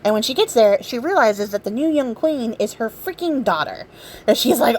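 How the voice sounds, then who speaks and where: A woman vlogger casually retelling a fairy tale, sarcastic and irreverent, swearing freely and filling pauses with ums. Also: fairly high pitch, very animated, darkish tone. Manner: chatty, many ums and likes. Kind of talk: casual storytelling while crafting.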